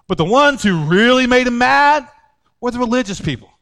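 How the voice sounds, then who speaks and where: A middle-aged male pastor preaching a sermon, swinging from loud outbursts to low quiet asides. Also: animated, normal speed.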